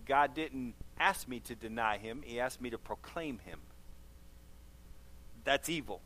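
A man's voice: medium pitch, a little slow, sharp tone, slight background noise. A man who is a pastor, preaching emphatically and leading a closing prayer, repeating phrases for stress.

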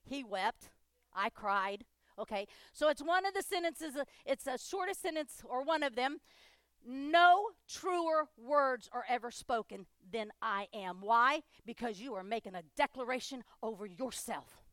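A woman pastor preaching a sermon, driving home repeated declarations and swinging between loud proclamations and hushed asides. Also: on the high side, expressive, unhurried, no echo, clean studio sound.

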